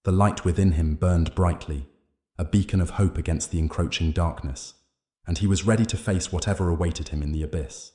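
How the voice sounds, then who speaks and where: In a deep, mellow, low voice, a male narrator delivers a scripted horror tale with measured drama. There's noticeable echo from the room.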